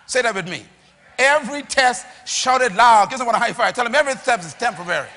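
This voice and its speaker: A rousing male preacher works a live congregation, calling for responses and breaking into shouts. His voice sits very high and cuts with a bright, tense edge. The sound rings out with the long reverb of a large church hall. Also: animated, rapid-fire, a little hiss or hum. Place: church or auditorium.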